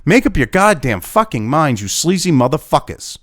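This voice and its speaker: A man's voice: on the high side, sing-song, moderate pace. A man with a New England accent, hosting his own news commentary and ranting at an article, swearing constantly and sounding exasperated.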